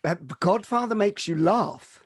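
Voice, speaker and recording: A man hosting a podcast who asks quick-fire questions and laughs easily. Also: sits high. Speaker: podcast host. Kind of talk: interview questions.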